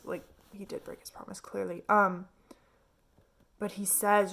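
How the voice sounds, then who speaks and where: A woman's voice: medium pitch, little pitch movement, a little slow, vocal fry, long pauses, bright, forceful tone. A woman reviewing a novel in casual, chatty talk full of filler words. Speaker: book reviewer. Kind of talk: casual chat.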